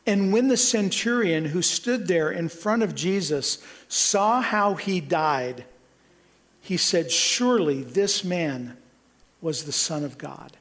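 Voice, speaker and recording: High-voiced man preaching a sermon. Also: animated, takes it slowly, a bit bright. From Kansas. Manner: earnest preaching with frequent restarts, rising for emphasis. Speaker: pastor.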